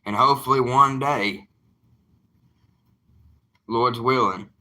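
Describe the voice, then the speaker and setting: A man's voice: mid-range voice, steady tone, slow pace, sharp tone. A young man, an evangelist talking casually to his livestream viewers in an earnest, plainspoken, defiant way.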